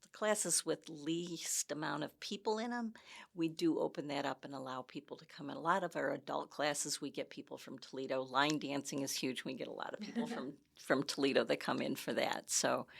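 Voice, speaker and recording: A woman's voice: sits low, fairly even intonation, fairly quick, gravelly. A woman from Michigan, a guest in a casual interview, explaining things in a chatty, friendly way with restarts. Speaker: community education guest.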